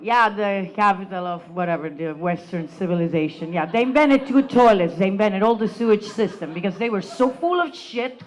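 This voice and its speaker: A woman from Italy with an Italian accent performing a brash, animated stand-up set and laughing at her own jokes. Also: mid-range voice, moderate pace, hardly any pauses, roomy sound, recorded from a distance. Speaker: stand-up comedian. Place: comedy club stage.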